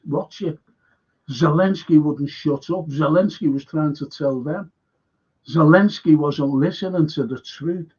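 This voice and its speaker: A man hosts a live stream, talking slowly in a rather high, husky voice. He rambles emphatically, repeating himself and quizzing his viewers. The stream audio sounds dull and lo-fi. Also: darkish tone.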